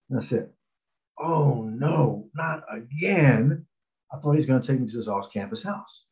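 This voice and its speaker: A man's voice: lowish voice, muffled recording. Older man rambling through a memory. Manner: rambling, with fillers and lively acted quotes. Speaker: storyteller recalling his college recruitment. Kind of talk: casual spoken anecdote.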